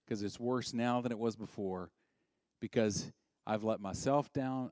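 A man preaching a sermon in a conversational way, asking the listeners questions and swinging from loud, high bursts to quiet, low passages. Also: a little slow, dry recording, clean studio sound. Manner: conversational, asks the audience questions.

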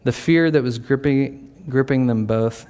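This pastor's medium-pitched voice is unhurried and a little mellow. He preaches in a conversational way, at times performing the voices of the people in his story.

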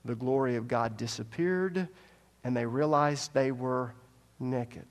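In a large hall with long, lingering reverb, a man with a medium-pitched voice preaches slowly as pastor. He drives his sermon home emphatically, going back over his main points and asking the congregation rhetorical questions.

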